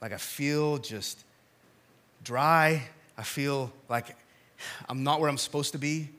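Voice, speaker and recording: Bright-voiced animated male pastor. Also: fairly high pitch, takes it slowly. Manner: animated storytelling, swinging from shouts to quiet appeals. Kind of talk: sermon.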